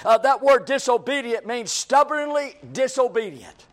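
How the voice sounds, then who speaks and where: A man's voice: extremely high pitch, moderate pace. A male preacher, delivering a sermon in a church with a repetitive, emphatic cadence.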